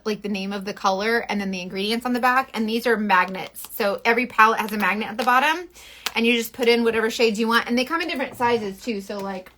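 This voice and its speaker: A woman's voice: mid-range voice, sharp tone. A woman in her thirties from Florida, chatting and venting on a makeup livestream, talkative and exasperated, with the odd swear word. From Florida, USA. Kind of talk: casual livestream chat.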